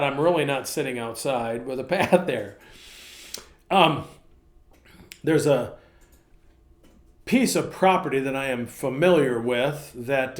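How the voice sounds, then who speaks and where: A man's voice: medium pitch, fairly bright tone. Folksy pastor man telling stories. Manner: folksy, storytelling, repeats phrases for emphasis. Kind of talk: casual devotional talk. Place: indoors in front of a virtual path background.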